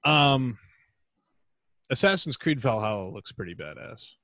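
A man's voice: medium pitch, very animated, a little slow, gravelly, bright, forceful tone, no room sound. An American man chatting casually as a podcast guest, laughing often and rambling with restarts. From United States. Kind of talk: casual chat.

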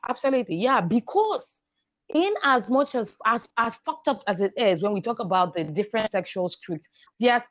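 A woman educator explaining her ideas in a measured, emphatic way on a podcast. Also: on the high side, lively intonation, no room sound. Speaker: guest, sexual and reproductive health educator. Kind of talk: podcast conversation.

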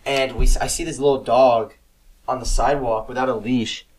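Brisk and steady in tone, a young man with a medium-pitched voice co-hosts a podcast, telling meandering stories full of swearing and acted-out quotes. The chat is casual. The low-quality recording was captured from afar.

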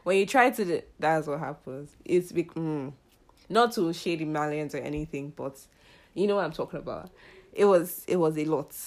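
A woman's voice: sits low, lively intonation, moderate pace, darkish tone. A young woman, hosting her own podcast in a casual, chatty way, laughing often and acting out quoted dialogue. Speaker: podcast host. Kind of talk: casual chat.

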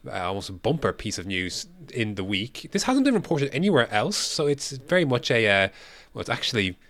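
A podcast co-host talks casually, his medium-pitched voice swinging widely in pitch at a normal speed with a fairly bright tone. He rambles, full of fillers and restarts.

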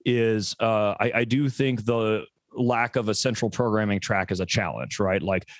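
A man's voice: fairly low pitch, moderate pace, no room sound. An American man co-hosting a podcast, talking in a rambling, profane way full of stammered repeats. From USA. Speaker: podcast co-host. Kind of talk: casual chat.

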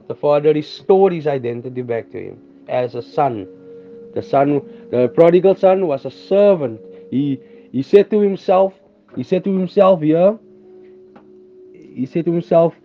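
A man preaching a sermon, reading scripture aloud and explaining it, repeating and restarting phrases and slowing down on key words. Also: fairly high pitch, expressive. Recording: dull lo-fi sound with faint music behind.

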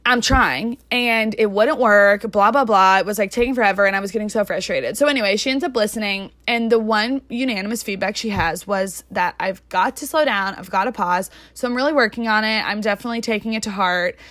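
A young adult woman hosting her own podcast in casual solo chat, talking fast and rambling with lots of fillers. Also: mid-range voice, fairly bright tone, dry recording. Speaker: podcast host.

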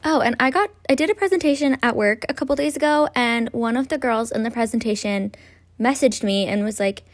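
A woman's voice: on the high side, fairly quick. Chatty young woman podcaster. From Ontario, Canada. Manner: chatty, swearing, self-deprecating asides. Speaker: podcast host. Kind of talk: casual true-crime podcast narration.

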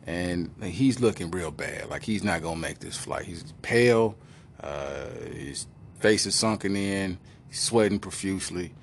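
A man telling a comic story in a low voice that swings up and down with energy. He talks casually, fumbles and corrects his words, and keeps the story rolling. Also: unhurried, a little hiss or hum. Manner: animated, acts out voices, restarts. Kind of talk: comedic storytelling.

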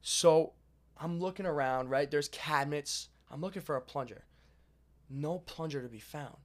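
A young man casually telling a long story to a friend, animated and swearing as he goes. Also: a little high, moderate pace. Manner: animated, swearing, lively retelling.

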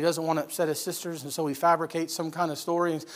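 Guy preaching a sermon, high voice, tells it like a story, asks the crowd questions, goes loud then quiet. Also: fairly even intonation, fast talker, hardly any pauses. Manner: vivid storytelling with rhetorical questions; swings between loud emphasis and hushed lines. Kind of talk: expository sermon.

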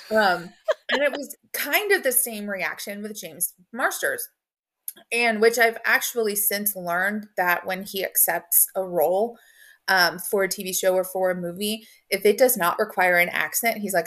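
A woman's voice: medium pitch, unhurried, fairly bright tone. A woman hosting a podcast, chatting casually in a rambling way with many fillers. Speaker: podcast host. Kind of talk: casual conversation.

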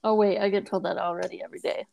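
Gravelly-voiced woman with a Wisconsin accent. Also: lowish voice, fairly even intonation, racing, dark tone. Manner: joking, laughs a lot. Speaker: podcast co-host. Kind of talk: casual chat.

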